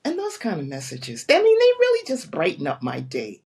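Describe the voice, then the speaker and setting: A woman's voice: low-pitched, huge pitch swings, fairly quick, darkish tone, husky. A woman in her seventies, a fitness coach, speaking earnestly and with feeling as an interview guest over a video call. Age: 70s. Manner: earnest, heartfelt, emphatic. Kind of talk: interview conversation.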